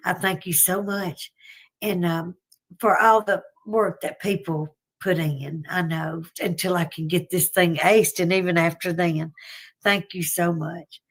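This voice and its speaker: A woman's voice: lowish voice, steady tone, measured pace. A woman with a Southern US accent hosting a casual livestream, chatty and folksy, often laughing between thoughts. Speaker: livestream host.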